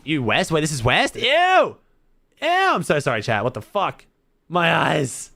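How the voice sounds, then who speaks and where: A man with an Australian accent chatting casually to his live-stream viewers as he watches a tournament, excitable and swearing freely. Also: fairly high pitch, moderate pace, vocal fry, dry recording, studio quality.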